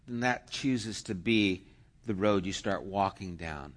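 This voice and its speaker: A man preaching a sermon, slow and emphatic, rising into loud cheering bursts. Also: on the low side. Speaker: pastor.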